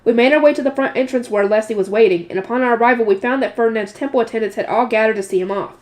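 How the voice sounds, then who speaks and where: A woman's voice: on the high side, rapid-fire, darkish tone. A woman reading a light novel aloud with a slightly nasal voice, breaking off into chatty, emotional asides. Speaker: audiobook reader.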